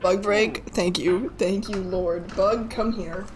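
A young woman in her twenties talks slowly while she streams a hard game live. She begs the game, curses quietly and laughs at her own failures. Faint noise sits under her voice. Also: mid-range voice, steady tone. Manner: frustrated, pleading and swearing under her breath; self-mocking with bursts of laughter. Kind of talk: live gaming commentary.

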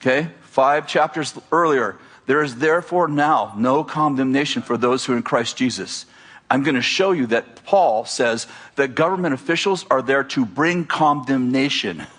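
A man's voice: mid-range voice, normal speed, fairly bright tone. A middle-aged male pastor preaching to a congregation in a conversational, joking manner. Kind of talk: sermon. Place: church before a congregation.

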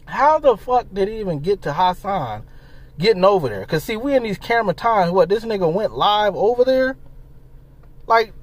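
A man ranting in casual commentary, animated and profane, firing off rhetorical questions. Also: sits high, normal speed. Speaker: commentary vlogger.

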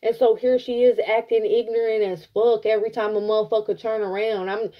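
A woman giving a casual tarot reading, blunt and profane, telling it like an animated story. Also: fairly high pitch, a little fast, muffled recording. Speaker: tarot reader.

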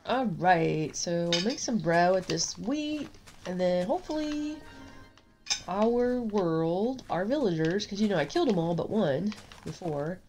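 A woman with a stuffy nose hosts a gaming video, rambling chattily through her play with sing-song repetitions in casual commentary. Her fairly low, animated voice is a little slow and mellow, with slight background noise and faint clinking dishes.

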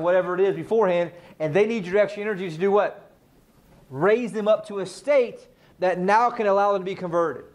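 High-voiced and energetic, a man leads a live sales training class. He quizzes the room with rapid-fire questions and then answers them himself.

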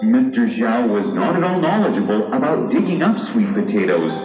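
A man narrating a story with steady, measured narration. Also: mid-range voice. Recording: roomy hall from far off, muffled, music behind.

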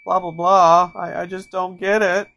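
A man's voice: high-pitched, level tone, measured pace, vocal fry, pushed and bright, pitched above the performer's own voice, heavily acted, rough recording. A man voicing a clueless hiker who sounds whiny and baffled.

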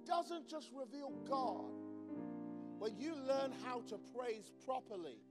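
A man preaching a fervent sermon in a church service, swinging from quiet asides to shouted declarations. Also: extremely high pitch, animated, takes it slowly, loud music behind the voice. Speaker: pastor.

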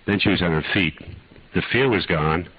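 Deep-voiced older man preaching a story. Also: moderate pace, slightly rough, no echo. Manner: folksy, dramatic, rising to impassioned. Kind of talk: storytelling sermon. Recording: dull lo-fi archive talk recording.

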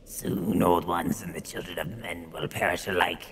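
A man doing a deep, grave ancient ice spirit. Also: fairly even intonation, a bit bright, slight background noise. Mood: ominous. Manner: slow, solemn, drawn-out delivery. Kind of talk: gameplay dialogue read in a put-on voice.

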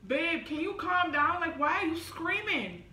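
A woman's voice: extremely high pitch, very animated, a little slow, sharp tone, slight background noise. A woman talking casually in a prank vlog at home, giggly and playfully defensive. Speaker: vlogger. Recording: roomy, from a distance off the mic.

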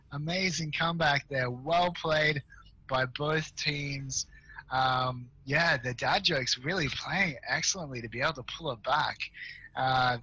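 Hoarse, excitable male esports caster. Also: on the high side, poor audio. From Australia or New Zealand. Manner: excitable, fast, rambling with fillers. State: voice going hoarse, tired. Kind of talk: play-by-play game commentary.

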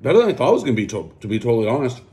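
A man's voice: mid-range voice, sing-song, rapid-fire, mellow. A man hosting a pizza review outdoors, ranting combatively, swearing constantly and boasting about himself.

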